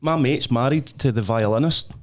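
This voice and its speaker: A man with a Scottish accent, co-hosting a podcast and telling stories in a studio, his voice leaping up high when he gets excited. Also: normal speed. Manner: animated storyteller, voice jumps up high when excited. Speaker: podcast co-host. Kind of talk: casual chat, storytelling.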